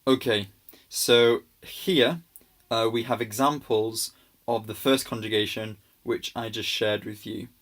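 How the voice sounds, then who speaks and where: A man's voice: fairly low pitch, steady tone, unhurried, a bit bright. A man giving a casual grammar lesson over slides, patient and reassuring, with many ums and small restarts. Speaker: language teacher.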